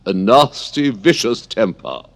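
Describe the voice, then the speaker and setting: A man reading an audiobook, voicing an imperious, scolding old queen in a shrill, emphatic manner. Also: animated, measured pace. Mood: bossy.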